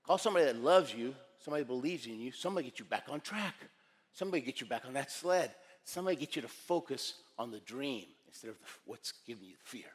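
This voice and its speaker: A man in his sixties giving a motivational keynote, telling his story in an animated, punchy, dramatic way. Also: mid-range voice, fast, breathy edge, in a large hall.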